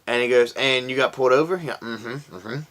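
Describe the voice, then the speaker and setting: A man's voice: medium pitch, fairly even intonation, quick pace, a bit bright. A young man from Florida telling a story to camera in a casual, profane, laid-back way, often raising his voice to quote himself. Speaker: vlogger.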